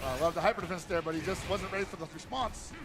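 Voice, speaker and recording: Male color commentator from Northern California; very high pitch, slangy hype analysis. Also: fast talker, music in the background. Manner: hype, slangy, exclaims loudly at big plays. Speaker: esports commentator. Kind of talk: fighting-game color commentary.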